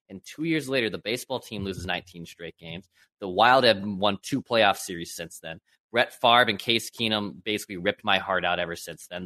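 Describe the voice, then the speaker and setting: A man in his late twenties with a low but bright, forceful voice co-hosts a sports show and rants in exasperation. The sound is dry, with no room echo. His pitch climbs as he gets worked up. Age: 20s. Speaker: sports radio co-host. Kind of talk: casual sports talk.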